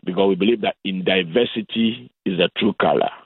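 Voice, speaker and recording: A man from Ghana with a Ghanaian accent, calling in as a guest on a radio interview and explaining things in a measured way. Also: deep voice, vocal fry, slightly rough, dry recording. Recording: phone-line sound.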